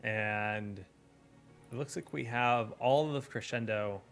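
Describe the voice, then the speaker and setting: A man's voice: on the low side, drawn-out words, long pauses, a bit bright, faint music behind. Young man casting esports, joking. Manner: casual, joking banter with chat. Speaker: esports caster. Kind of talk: live esports commentary.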